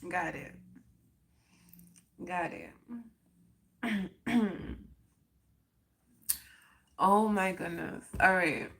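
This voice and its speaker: A woman chatting on a live stream, reflective and unhurried, saying "like" and "oh my goodness" often and reacting emotionally to her viewers. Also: fairly low pitch, vocal fry, fairly bright tone. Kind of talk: casual live stream chat.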